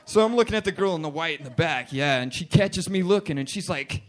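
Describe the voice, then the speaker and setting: A man's voice: a little high, fairly quick, few pauses, a faint crowd. Brash young male stand-up comic. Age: 20s. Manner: profane, loud, punchy delivery with put-on voices. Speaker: stand-up comedian. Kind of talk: stand-up comedy set. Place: bar stage with live audience.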